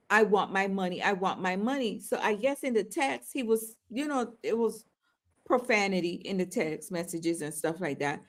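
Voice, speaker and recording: A woman with an ordinary, mid-range voice talks casually on a podcast. She jumps in with comments and retells the story, quoting the people in it. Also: medium pitch. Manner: chimes in, retells quotes. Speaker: podcast co-host. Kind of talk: casual gossip chat.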